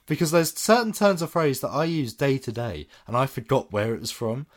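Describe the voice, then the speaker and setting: Chatty man with lively pitch. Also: fairly quick. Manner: chatty, enthusiastic, trailing off low at phrase ends. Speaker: podcast co-host. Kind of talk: casual film chat.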